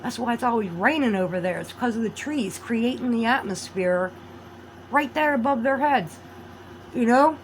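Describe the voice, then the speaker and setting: Woman, rambling vlog monologue, loud outbursts then low mutters, faint hiss behind. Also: lively intonation, normal speed, low-quality recording. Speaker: vlogger.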